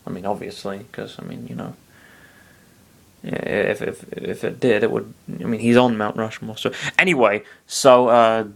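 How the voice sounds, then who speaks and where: A man reads a fan story aloud in a relaxed, offhand way. He keeps breaking off into rambling, mumbled tangents and swears freely. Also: lowish voice, moderate pace, vocal fry. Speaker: reader. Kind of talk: casual reading of a fan story with commentary.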